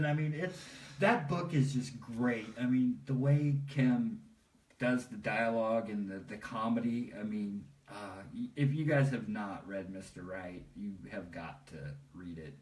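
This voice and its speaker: A man's voice: fairly low pitch, a little slow. A man chatting casually about comics on a podcast, rambling with lots of fillers and laughing as he retells things. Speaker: podcast co-host. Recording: echoey room, mic at a distance, faint hiss.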